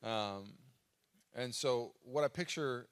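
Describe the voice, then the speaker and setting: A man's voice: medium pitch, takes it slowly, smooth. A man preaching a sermon as pastor at a live church service, telling a story in a casual way with fillers.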